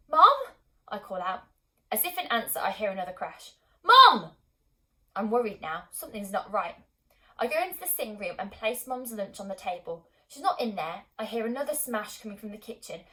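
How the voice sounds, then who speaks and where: A woman reads a novel aloud as an audiobook, in calm, measured narration. Her pitch sits in an ordinary middle register for a woman, and she tells the story steadily and clearly. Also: poor audio. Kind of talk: scripted narration.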